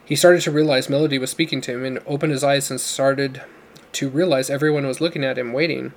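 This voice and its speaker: A man reading a novel aloud in a steady, measured narration. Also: mid-range voice. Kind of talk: audiobook narration.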